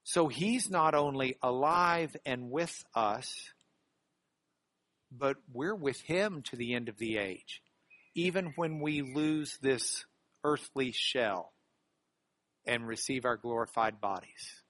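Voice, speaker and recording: A man teaching a Bible lesson in an earnest, animated way, with sudden emphatic rises and softer prayerful passages. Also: medium pitch, slow, no room sound. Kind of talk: sermon-style Bible lesson.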